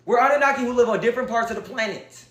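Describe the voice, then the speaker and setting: A high-pitched man speaks straight to his viewers in a casual, emphatic, preachy way, often turning to them with y'all. His voice rings around a noticeably echoey room. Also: racing, fairly bright tone. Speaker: vlogger. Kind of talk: casual direct-to-camera talk.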